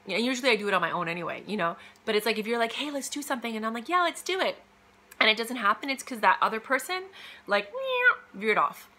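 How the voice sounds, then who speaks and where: A woman's voice: mid-range voice, animated, fast talker, sharp tone. A woman talking casually and emphatically, giving career advice with lots of fillers and quoted asides. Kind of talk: casual motivational monologue.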